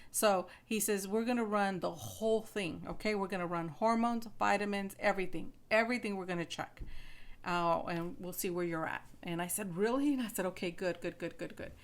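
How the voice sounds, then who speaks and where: A woman's voice: medium pitch, steady tone, a little fast. A woman in her fifties chatting casually to her viewers, retelling a doctor visit and often repeating her words. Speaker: vlogger. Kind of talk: casual chat to camera.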